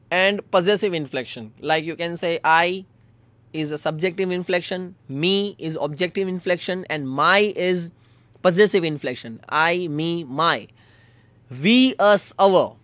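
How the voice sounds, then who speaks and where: A man with an Indian English accent lectures on grammar, slowly restating every example for his students. His voice sits high for a man. The recording is dry, with no room sound. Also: no room sound. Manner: slow, repetitive explaining with restated examples. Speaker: college communication skills lecturer. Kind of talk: slide-based grammar lecture.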